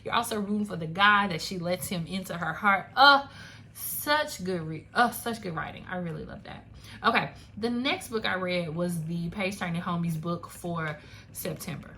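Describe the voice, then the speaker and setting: Chatty young woman, bright voice. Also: on the low side, moderate pace, slight background noise. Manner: chatty, animated, laughing asides, lots of "like" and "y'all". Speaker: book reviewer. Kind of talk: casual chat. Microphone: phone camera.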